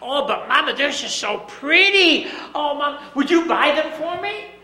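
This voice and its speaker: Preacher guy putting on a squeaky excited little girl, bright and loud. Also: measured pace, roomy sound, full character voice. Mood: pleading eager. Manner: pleading, excited, high squeals. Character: eager, sweet little girl.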